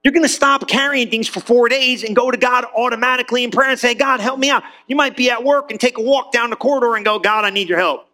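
A man preaching a sermon in a lively, conversational way, calling on the room for amens. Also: very high voice, fast talker, hardly any pauses. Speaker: pastor.

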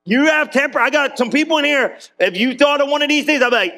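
Male pastor, high-pitched, loose joking sermon delivery. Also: brisk, sharp tone. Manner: casual, joking, talks straight to the congregation. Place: church.

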